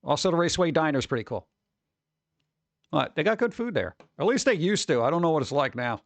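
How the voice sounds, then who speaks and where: New guy streaming, reads chat aloud, quick to exclaim, very expressive pitch. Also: vocal fry, no room sound. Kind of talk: casual live-stream chat.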